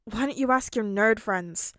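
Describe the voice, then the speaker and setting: Woman doing a loud hot-tempered teen boy. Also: medium pitch, normal speed, dry recording, clean studio sound, lightly acted. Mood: snappish. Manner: shouting, snappish, rude.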